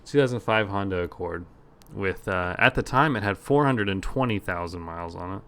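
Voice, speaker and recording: Podcast co-host, animated storyteller, swears freely, mimics callers. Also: male voice, low voice, a little fast, clear, resonant tone. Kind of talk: casual storytelling chat.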